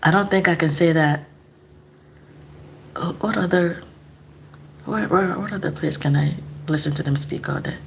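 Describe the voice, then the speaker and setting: A woman's voice: on the low side, moderate pace, gravelly, long pauses, a little hiss or hum. A young woman from Nigeria chatting casually with her live-stream audience, laughing often and repeating herself.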